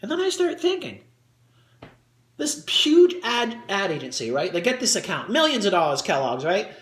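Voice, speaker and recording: A man doing a stand-up comedy routine for an audience, talking crudely and switching into quick character voices. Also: high-pitched, huge pitch swings, fairly bright tone, roomy sound. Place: performance room with audience.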